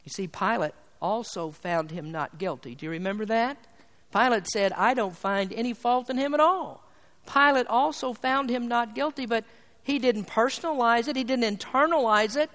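A male pastor preaching a sermon, building to loud appeals and pressing rhetorical questions at his congregation. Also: very high voice, normal speed. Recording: long hall reverb.

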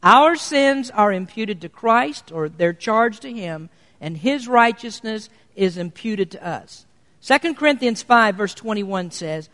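Male pastor, high voice, earnest deliberate sermon delivery, church-hall reverb. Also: expressive, pushed and bright. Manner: earnest preaching, slows for emphasis.

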